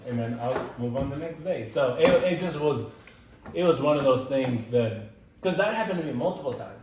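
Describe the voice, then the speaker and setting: A man's voice: medium pitch, normal speed, background noise. Young man telling stories in an echoey room. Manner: animated, laughs while telling stories, many "like" and "dude" fillers. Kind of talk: casual storytelling conversation. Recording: echoey room, voice from some distance.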